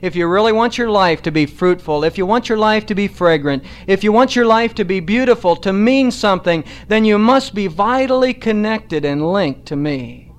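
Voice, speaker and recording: A man preaching a sermon in a measured, emphatic way, slowing down to stress key phrases. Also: high voice, expressive.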